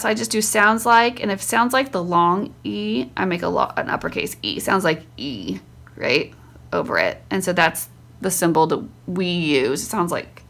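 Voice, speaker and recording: Gravelly-voiced woman teaching spelling. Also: medium pitch, a bit bright. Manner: conversational, sounds words out syllable by syllable. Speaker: homeschool teacher. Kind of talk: casual teaching demonstration.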